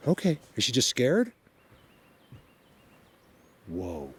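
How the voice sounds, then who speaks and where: Out in the woods with a handheld camera, a man vlogs to his viewers, his husky, slightly bright voice sitting at medium pitch but swinging wildly up and down. He draws out his words as he soothes and frets by turns, emotional and speaking straight to the audience in this on-the-spot nature vlog, with outdoor noise behind him.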